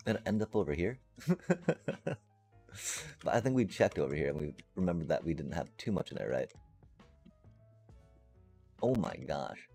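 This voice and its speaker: This live game streamer talks to his audience in a loose, playful, rambling manner, often responding to chat. His voice sits low and sounds warm and husky, very animated at normal speed with frequent pauses, while soft music plays behind him.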